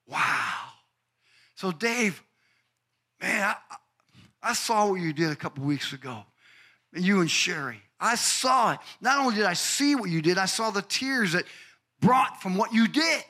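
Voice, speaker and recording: Fervent older male preacher, bright voice. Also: sits high, lively intonation, measured pace, long pauses. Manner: fervent preaching, calls out congregants by name; builds to shouted, sing-song climaxes. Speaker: pastor. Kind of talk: sermon.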